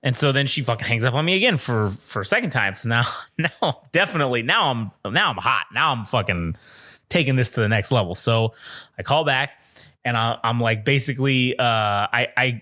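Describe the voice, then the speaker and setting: A man co-hosting a podcast, telling a story in an animated, profane way and laughing often. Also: medium pitch, normal speed. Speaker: podcast co-host. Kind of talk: casual storytelling chat.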